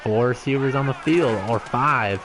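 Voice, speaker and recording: A young man calling his own video game match live, chatty and joking, getting excited on big plays. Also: mid-range voice, normal speed. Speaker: gaming YouTuber. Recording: noisy home recording.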